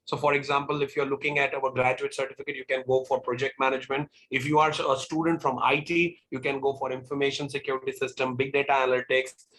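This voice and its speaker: A man's voice: mid-range voice, a bit bright, low-quality recording. A man speaking as a college representative in an online open house. He answers applicants' questions and fills his explanations with "uh" and "you know". He is heard over a video call. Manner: explanatory, with frequent fillers. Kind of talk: webinar Q&A.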